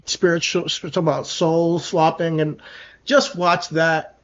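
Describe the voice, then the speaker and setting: A man's voice: a little high, little pitch movement, measured pace, fairly bright tone, highs cut off. A man co-hosting a podcast in casual chat, earnest and enthusiastic, with some restarts. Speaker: podcast co-host.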